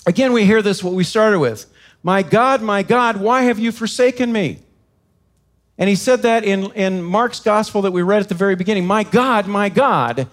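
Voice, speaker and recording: A man with a high voice preaching an earnest sermon. He speaks with emphasis and acts out quoted cries with drama. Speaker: pastor.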